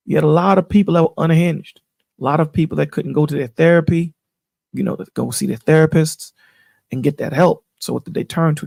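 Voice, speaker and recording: A man with a gravelly, husky voice, pitched a little high and dark in tone. He talks in a casual, preachy way and keeps checking in with his listener. The sound is dry and close, like a voice call. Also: no room sound. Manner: preachy, emphatic, repeats "you know what I'm saying". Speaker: channel host on a panel call. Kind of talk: casual chat.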